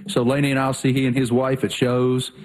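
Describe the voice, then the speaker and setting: A man's voice: mid-range voice, completely flat delivery, fairly quick, a little mellow. A Southern American man co-hosting a sports talk show in an ordinary mid-range voice. He talks in an enthusiastic, folksy way. His manner is easygoing and casual. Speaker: sports radio co-host.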